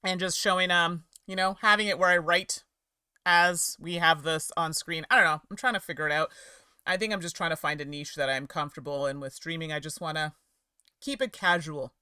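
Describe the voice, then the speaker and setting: Bright, chatty woman streamer. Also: low voice, fairly even intonation, a little fast, clear, resonant tone, no room sound, studio quality. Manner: chatty and giggly, rambling asides to chat. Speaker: streamer and game reviewer. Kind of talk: casual livestream chat. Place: home office.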